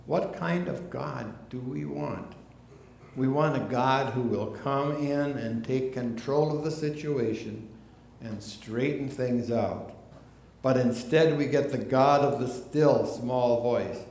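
A man preaching a sermon in an unhurried way, dropping to a hush on quiet phrases. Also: medium pitch, a little hiss or hum. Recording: echoey room with faint ambience.

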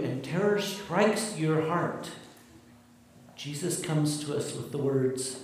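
A man preaching a sermon as pastor, with emphatic, slowly stressed phrases, in a large church. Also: mid-range voice, a little mellow. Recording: very echoey hall, mic far off.

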